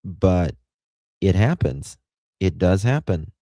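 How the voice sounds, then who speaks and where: Slow appalachian guy, real low voice, rambling live stream chat. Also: very animated, dry recording. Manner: rambling, greets chat viewers warmly by name. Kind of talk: casual live commentary.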